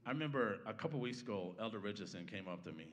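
In a church sanctuary with a long reverb tail and slight background noise, a male pastor delivers a sermon in a lowish, expressive voice at a quick pace. His style is conversational, and he keeps asking the congregation "right?" He begins with a prayer and then moves on to teach from the Bible passage.

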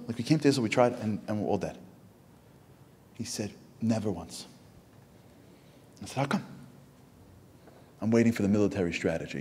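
An American man telling a lively story to an audience, acting out the voices of the people in it. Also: breathy edge. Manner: animated, acts out quoted voices in a high pitch. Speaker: Jewish speaker. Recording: echoey hall with long reverb.

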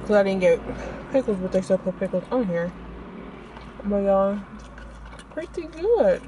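A woman's voice: medium pitch, moderate pace, highs cut off, a little hiss or hum. A young woman, chatting casually to viewers as she reviews food in a car on her phone. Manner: chatty, animated, talks to viewers as y'all. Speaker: vlogger.

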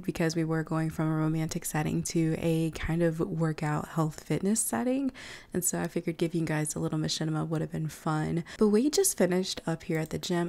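A woman's voice: on the low side, mellow. A woman casually narrating a life-simulation game story, chatting and acting out the characters' texts and lines herself. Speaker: gameplay narrator. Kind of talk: casual let's-play narration.

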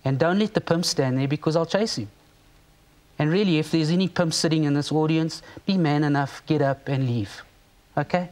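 Fired-up south african guy on a talk show, kinda high voice, keeps repeating himself. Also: moderate pace, darkish tone. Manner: emphatic, repeats words when worked up. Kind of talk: impassioned studio talk.

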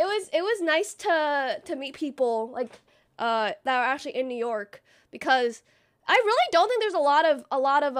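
Very high-voiced chatty woman. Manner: chatty storytelling, acts out quotes; many fillers like "like". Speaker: livestreamer. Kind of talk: casual stream chat.

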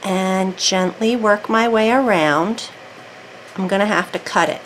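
A woman's voice: medium pitch, a little slow, a little hiss or hum, low-quality recording. A woman casually talking through a craft project in real time, thinking aloud as she works at her desk. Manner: chatty, self-talking while working, thinks aloud. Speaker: craft video creator.

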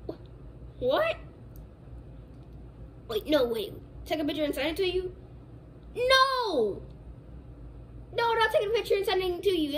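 A woman voicing an excitable male turtle king father in a puppet comedy skit, stammering and bursting out loudly. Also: very high voice, a little hiss or hum, full character voice. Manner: excitable, loud outbursts, stammering.

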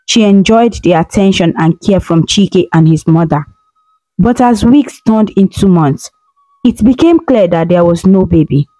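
Woman narrating a folktale, mellow tone. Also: on the low side, animated, measured pace, no room sound, poor audio. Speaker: storyteller.

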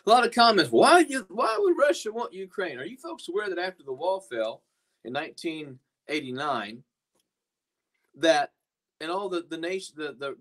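A pastor preaches in a podcast sermon, earnest and a little rambling, his somewhat high, slightly bright voice circling back to restart phrases as he goes.

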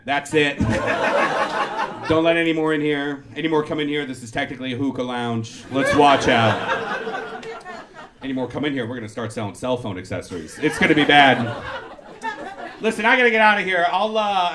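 A man telling a loose, rambling stand-up story on stage, breaking into loud punchlines. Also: on the high side, lively intonation, a little fast, heavy background noise. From Persian heritage. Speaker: stand-up comedian. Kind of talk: stand-up comedy set. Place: comedy club before a live audience. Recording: live club audience laughter.

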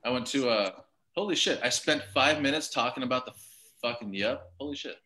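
Bright-voiced laid-back profane male comic. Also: medium pitch, brisk, low-quality recording. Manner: laid-back, profane, self-mocking storytelling. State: a bit drunk. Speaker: stand-up comic on a video call show. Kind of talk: rambling stand-up set. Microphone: video call.

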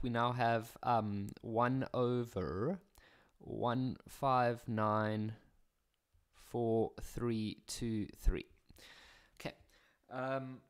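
A young man with a South African accent walks through maths exam questions in a casual teaching voice. He keeps it chatty and breaks in with jokes at his own expense. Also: mid-range voice. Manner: chatty, jokey, self-mocking asides.

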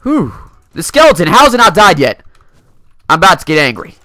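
Lively young man commenting on gameplay. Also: sits high, fairly quick, no echo, clean studio sound. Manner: playful, laughs often, talks to opponents. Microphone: desk mic.

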